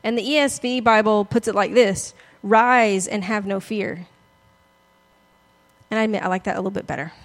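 A woman's voice: mid-range voice, rapid-fire, few pauses. A woman pastor giving a conversational, self-deprecating sermon, often laughing as she talks.

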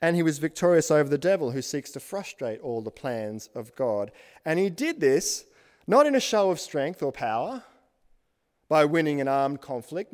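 A man's voice: a little high, big-room sound. A man preaching a sermon as pastor, building emphatic lists and asking the congregation questions.

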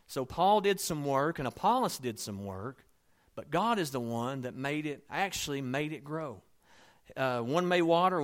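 A man preaching a sermon in a conversational, storytelling way, dropping to soft asides and rising to emphatic points. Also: mid-range voice. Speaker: pastor.

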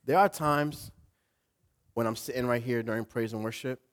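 A male pastor preaching a sermon in an animated way, rising to loud emphasis. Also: medium pitch, moderate pace.

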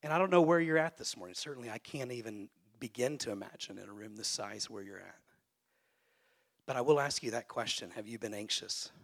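A man who is a pastor, preaching a sermon to a congregation and swinging between hushed, soft phrases and loud, emphatic peaks. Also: on the low side, a little fast, vocal fry. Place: church sanctuary.

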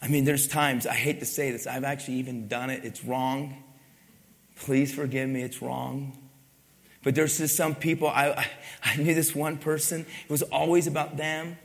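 A man's voice: medium pitch, level tone, normal speed, creaky. A man preaching a sermon, asking the congregation questions and pressing his points with emphasis. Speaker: pastor. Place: church. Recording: long reverb of a church hall.

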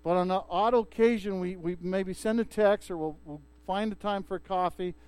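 A male pastor preaching a sermon and retelling a story in a lively way, with frequent restarts. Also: high voice, moderate pace, clean tone.

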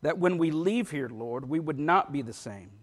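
A male pastor delivers a sermon with an emphatic preaching style and reads scripture aloud. His voice sits high for a man. The sound rings out into a long hall reverb in a church sanctuary. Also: animated, moderate pace.

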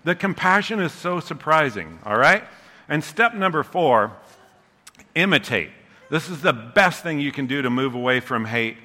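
A pastor delivers a sermon with a bright, forceful voice. He is humorous and chatty and keeps checking in with listeners. His voice rings out with the long echo of a big church hall. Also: a little high, expressive, moderate pace. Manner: humorous, conversational, often checks in with "okay?". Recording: long reverb of a large hall.

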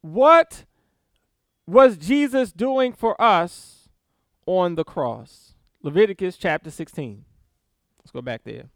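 Animated high-voiced male preacher. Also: slow pace, long pauses, no room sound, clean studio sound. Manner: animated, reads scripture aloud with emphatic stresses and small laughs. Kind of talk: sermon.

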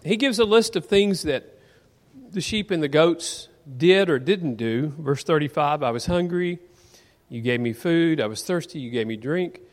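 A man in a church sanctuary delivers an earnest sermon, often putting rhetorical questions to the congregation. His voice sits somewhat high for a man, and it carries a long echo through the hall. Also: moderate pace. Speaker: preacher.

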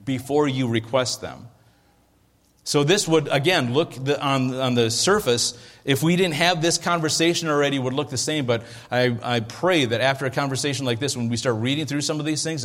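A man preaching a sermon as pastor, in a conversational way, often checking that his listeners are following. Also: medium pitch. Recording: long hall reverb.

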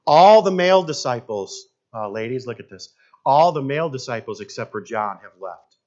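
A middle-aged man, a pastor preaching a sermon in an animated, jokey way. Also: medium pitch, normal speed, lo-fi sound. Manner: animated, jokey, shouts in acted quotes.

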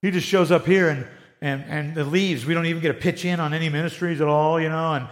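Preacher plays petty grumbling congregant, slightly lower and softer. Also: male voice, fairly even intonation, a little fast, lightly acted. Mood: whiny. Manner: complaining, petty. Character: whiny gossiping church members, adults.

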